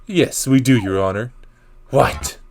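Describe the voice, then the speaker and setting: A man voicing an excitable young male defense lawyer who declaims dramatically. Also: mid-range voice, slow pace, crowd noise. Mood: dramatic. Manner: dramatic, shouting objections.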